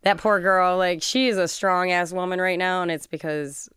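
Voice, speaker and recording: Smooth low-voiced woman, animated storyteller. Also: normal speed, no room sound, studio quality. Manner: animated storyteller, swears freely, laughs often. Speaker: guest. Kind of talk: casual chat.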